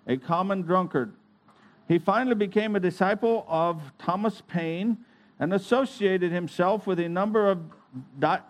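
A man reading a religious account aloud in a measured, deliberate way, with an occasional slip. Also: high-pitched. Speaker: reader.

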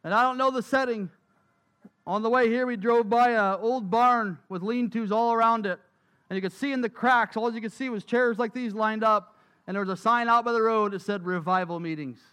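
Emphatic high-voiced male preacher. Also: steady tone, moderate pace, sharp tone, clean tone. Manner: emphatic, with repeated phrases. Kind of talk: sermon storytelling.

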